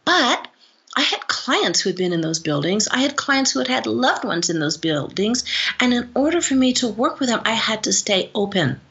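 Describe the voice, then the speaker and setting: Lively older woman telling a story. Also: a little high, moderate pace, creaky, dull audio. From Guam. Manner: animated storyteller acting out quoted voices. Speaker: psychologist guest. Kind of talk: storytelling in a podcast interview.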